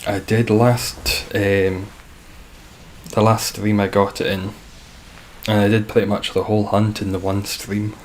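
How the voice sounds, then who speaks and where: A man's voice: lowish voice, flat delivery, unhurried, slight background noise. A young Scottish man chatting on a live game stream, reading viewer comments with dry, sarcastic humour. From Scotland.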